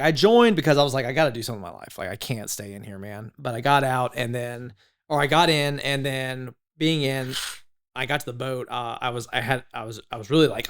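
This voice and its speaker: A man in his thirties appears as a podcast guest and tells his story in a casual, animated way, constantly saying "like" and "legit." His mid-range voice is clear with a resonant tone.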